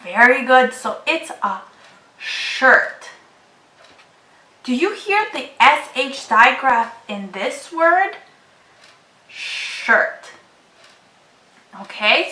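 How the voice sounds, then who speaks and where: A woman teaching a phonics lesson to children, speaking slowly with clear, encouraging enunciation. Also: high voice, sharp tone, reverberant, distant mic. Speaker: English teacher.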